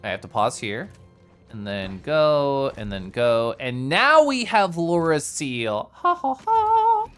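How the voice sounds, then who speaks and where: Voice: medium pitch, big pitch swings, slow pace, fairly bright tone, smooth, faint music behind. A streamer giving chatty, playful live commentary while playing a game and joking with chat.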